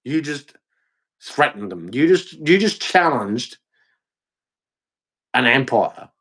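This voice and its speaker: A man's voice: mid-range voice, big pitch swings, slow, a bit bright, slightly rough. An Australian man delivering a heated, blunt opinion rant, repeating himself and swearing. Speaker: vlogger.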